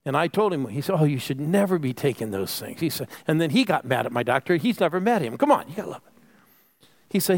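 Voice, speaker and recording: A middle-aged pastor from Phoenix preaching a sermon, telling a personal story and calling on the congregation to repeat after him. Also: male voice, on the high side, animated, fast talker. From Phoenix, United States. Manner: call-and-response preaching, storytelling.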